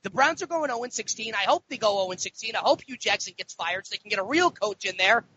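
Man, co-host, husky voice, heated arguing, dull lo-fi recording. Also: high voice, lively intonation, fast, bright, forceful tone. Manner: heated, argumentative. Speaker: podcast co-host. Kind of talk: casual sports betting talk. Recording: dull lo-fi audio.

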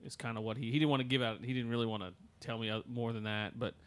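Halting man telling a story on a podcast. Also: medium pitch, steady tone, a bit bright. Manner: halting, many fillers and restarts. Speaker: podcast host. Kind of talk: casual storytelling.

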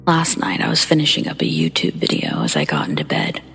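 A woman hosting a horror story show, reading first-person accounts in a hushed, breathy whisper with a slow, measured delivery. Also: extremely low pitch, huge pitch swings, soft background music. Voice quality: breathy whisper with gravelly fry. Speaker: horror story narrator and host.

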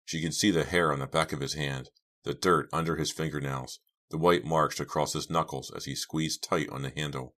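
A man narrating a horror audiobook with steady, tense storytelling. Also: very deep voice, moderate pace. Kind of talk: scripted narration.

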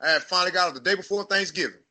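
A man in his thirties with a Texas accent, hosting a casual chat and telling profane, animated stories about his past. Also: high voice, very fast. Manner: profane, animated storytelling, acts out voices. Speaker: podcast host.

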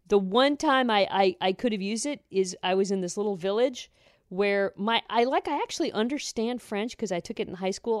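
A woman's voice: mid-range voice, no echo, clean studio sound. A woman co-hosting a radio show in casual chat, chatty and self-mocking, laughing often. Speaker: radio co-host.

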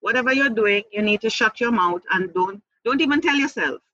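Female interview guest, earnest personal testimony, stop-start delivery, husky edge. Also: a little high, animated, brisk, bright, forceful tone, dry recording, lo-fi sound. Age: adult mother. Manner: earnest, repeats words, restarts, laughs lightly.

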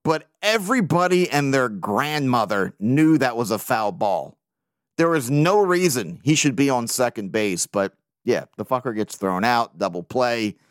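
Excitable swearing sports fan host. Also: male voice, mid-range voice, unhurried, dry recording, clean studio sound. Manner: excitable, profane, animated fan. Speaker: podcast host. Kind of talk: casual sports podcast talk.

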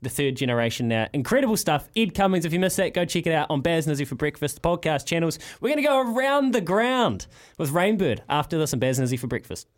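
A man's voice: on the high side, quick pace. A New Zealand man co-hosting breakfast radio, running through sports fixtures in an upbeat, punchy way on a studio microphone. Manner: energetic, punchy listing of fixtures. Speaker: radio co-host, sports segment. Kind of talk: upbeat sponsored sports rundown.

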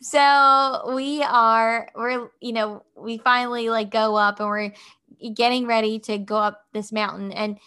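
Chatty middle-aged woman host, a bit high-pitched, casual storyteller. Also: fairly even intonation, measured pace, pushed and bright, clean tone. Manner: chatty, heavy use of filler "like". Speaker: podcast host.

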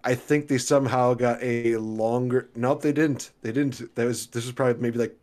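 A man's voice: medium pitch, fairly even intonation, moderate pace, a little mellow. A man in his twenties co-hosting a podcast in casual, chatty talk, laughing between remarks. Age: 20s. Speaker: podcast co-host. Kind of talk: casual chat.

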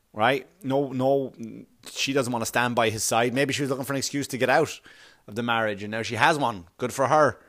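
Brief: a man in the middle pitch range hosting a podcast, ranting bluntly with plenty of swearing. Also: a bit bright. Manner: blunt, profane, opinionated ranting. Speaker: podcast host. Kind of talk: casual podcast monologue.

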